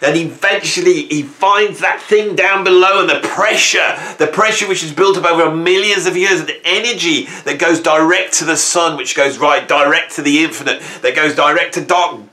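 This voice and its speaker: A middle-aged man hosting a music channel, ranting at his viewers in a theatrical, self-mocking way, swinging from hushed asides to loud bursts. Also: on the high side, moderate pace, hardly any pauses. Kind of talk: casual mock-rant to camera. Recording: echoey room.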